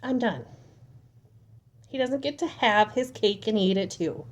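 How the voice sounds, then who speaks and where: A woman's voice: medium pitch, animated, measured pace, long pauses, lo-fi sound. A young woman venting casually to the camera at home, frustrated and exasperated as she retells an argument. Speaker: vlogger. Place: home, at a table.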